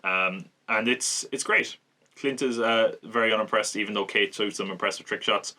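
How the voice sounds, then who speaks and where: A man hosting a podcast, casually recapping and reviewing a TV episode, chatty, laughing often and slipping into quick mock voices. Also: fairly low pitch, steady tone, sharp tone. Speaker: podcast host.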